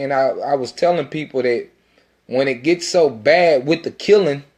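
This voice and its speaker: A man, an independent rapper, talking in a casual self-recorded monologue that is intense, rambling and full of profanity. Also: on the high side.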